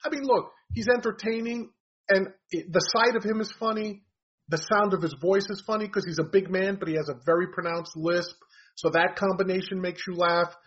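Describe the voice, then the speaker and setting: A man's voice: high voice, steady tone, fairly quick, fairly bright tone, slightly rough. A man giving blunt, rambling opinions in a casual chat about comedians. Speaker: comedy commentator. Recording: dull lo-fi audio.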